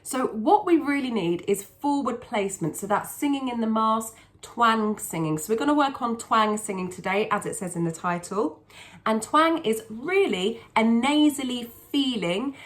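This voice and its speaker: Chatty woman vocal coach, slightly high. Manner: chatty, patient, restarts sentences. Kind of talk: singing lesson, explaining technique.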